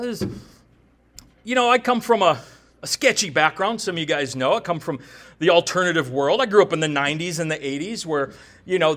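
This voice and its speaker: A man's voice: fairly high pitch, fairly bright tone. A man in his forties preaching a sermon with personal testimony, talking conversationally and animatedly and often checking in with "right?". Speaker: preacher and tattoo artist.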